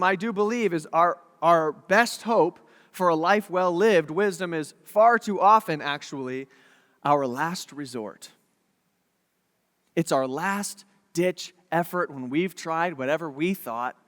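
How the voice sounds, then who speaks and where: A male pastor preaching a sermon in an animated, jokey way, often acting out quotes. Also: sits high, big-room sound.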